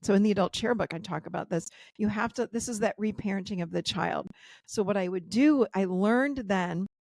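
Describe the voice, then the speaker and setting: A woman in her fifties shares personal stories as a podcast guest, lively and animated, slipping into the voices of the people she describes. Her voice carries a gravelly edge. She is heard over a video call with a dry, close sound. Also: mid-range voice, fairly quick, no echo. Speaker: guest therapist and coach. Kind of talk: personal storytelling in a podcast interview.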